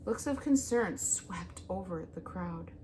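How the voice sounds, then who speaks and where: A woman reading a children's novel aloud as narrator, with an expressive, animated delivery. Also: lowish voice, takes it slowly, slight background noise. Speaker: audiobook reader. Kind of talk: storybook read-aloud narration.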